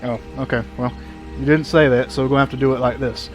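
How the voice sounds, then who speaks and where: Male game master, mid-pitch, calm, patient rules explainer. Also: fast talker, faint music behind. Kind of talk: narrating a tabletop game.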